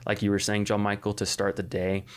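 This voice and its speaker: Low, flat-voiced man rambling on a podcast. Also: a little fast, clean tone. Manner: rambling, many fillers and restarts. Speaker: podcast co-host. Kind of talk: casual chat.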